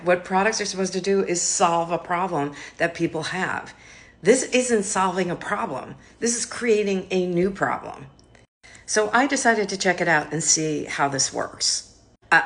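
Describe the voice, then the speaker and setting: Low-voiced skeptical woman commentator. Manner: skeptical, conversational. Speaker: marketing expert commentator. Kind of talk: casual commentary to camera.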